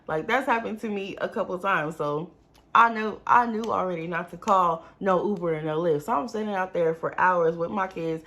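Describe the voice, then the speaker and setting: A young woman tells a storytime vlog in a casual, animated way and talks straight to her viewers. Her voice sits fairly low and has a gravelly edge of fry. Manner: animated, addresses viewers as y'all. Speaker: vlogger.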